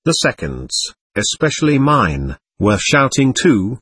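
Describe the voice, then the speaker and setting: A male narrator reads a classic novel aloud in the first person, with an earnest and expressive manner. His voice is slightly husky and his pitch moves a great deal from line to line. The recording is dry and close. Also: takes it slowly, no echo.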